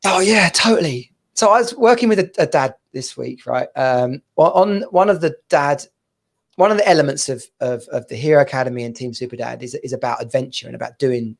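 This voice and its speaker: A man in his thirties co-hosting a casual chat show, telling stories in an animated way and laughing often. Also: mid-range voice, fairly quick, gravelly. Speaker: podcast co-host.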